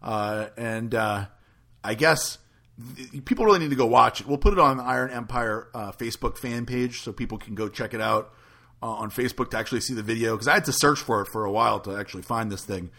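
A man hosts a podcast in a loose, casual chat. His voice has a bright, forward edge and a middle pitch. He swears freely as he talks. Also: brisk. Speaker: podcast host.

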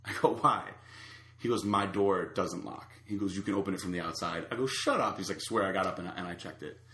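Speaking fast in a low voice, this male storyteller guest relates a lengthy anecdote in a relaxed way, with reverb on the sound. He animatedly voices the quotes of the other people involved.

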